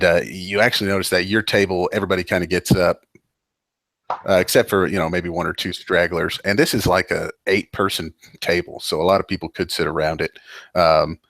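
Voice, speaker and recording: A man's voice: deep voice, a bit bright, no room sound. A man narrating as game master, rambling with lots of fillers and restarts.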